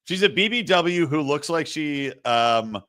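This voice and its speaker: A man's voice: on the high side, animated, measured pace, bright, forceful tone, no echo, studio quality. A man co-hosting a TV review podcast, chatting casually with crude, joking humor. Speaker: podcast co-host. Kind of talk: casual chat.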